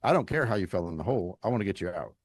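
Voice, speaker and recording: Animated middle-aged man from Louisiana. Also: low voice, very fast, husky. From Louisiana, United States. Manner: animated storyteller, emphatic and folksy. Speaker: leadership coach, podcast guest. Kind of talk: conversational interview.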